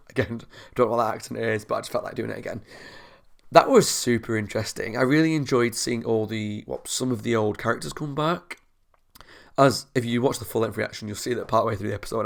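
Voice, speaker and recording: A man's voice: mid-range voice, a little fast, creaky. A young man hosting a TV reaction video, chatting in an enthusiastic, rambling way. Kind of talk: casual recap to camera.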